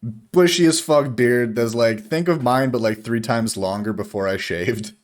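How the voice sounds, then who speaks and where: A man's voice: mid-range voice, unhurried. A man running a tabletop game as game master, narrating casually with laughs and swearing.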